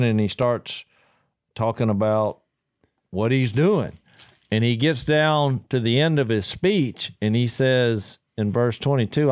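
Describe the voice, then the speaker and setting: A man with a middle-pitched voice talks through his thoughts in a casual faith podcast, paraphrasing passages as he goes. He is heard close and dry. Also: animated, a little slow, dry recording. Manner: thoughtful, with frequent fillers and restarts. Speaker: podcast co-host.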